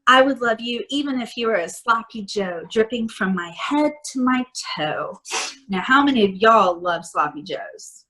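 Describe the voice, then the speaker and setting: Woman reading a kids' picture book aloud, chatty and lively, a bit high-pitched. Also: moderate pace, low-quality recording. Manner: animated, chatty, laughs often. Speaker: storybook reader.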